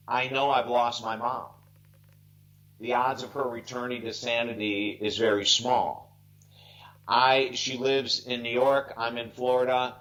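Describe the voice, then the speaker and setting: A sixty-something life coach tells earnest, emotional stories over a video call, nearly in tears, his manner heartfelt and emphatic. His mid-range voice is fairly bright with fairly even intonation and a slightly slow pace, on a rough recording.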